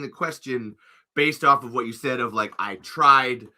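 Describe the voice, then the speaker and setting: A man's voice: mid-range voice, a little slow, sharp tone. A man hosting a casual podcast chat, rambling and playful and laughing often. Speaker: podcast host.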